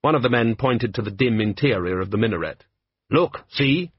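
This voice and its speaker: Male narrator, husky, close and dry, lo-fi; storybook reading that jumps up in pitch for characters. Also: fast talker, no room sound. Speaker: audiobook narrator. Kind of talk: scripted narration with character voices. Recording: dull lo-fi dry recording.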